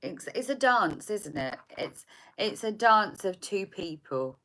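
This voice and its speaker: A woman giving a spiritual tarot reading, soft and meandering, often repeating words as she searches for them. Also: medium pitch, sing-song, slow. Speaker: tarot reader.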